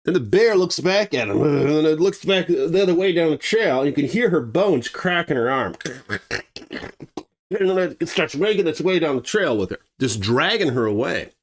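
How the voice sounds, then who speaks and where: Guy telling a scary true story, punchy and blunt, kinda high voice. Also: expressive, moderate pace. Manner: emphatic, blunt, conversational. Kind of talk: dramatic true-story narration.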